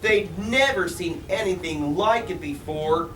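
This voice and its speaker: A man's voice: fairly high pitch, measured pace, a bit bright. A young man reading a rhyming picture book aloud in a bookstore, with a sing-song lilt and frequent laughs. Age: young adult. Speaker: story time reader. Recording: echoey store, mic far off, noisy.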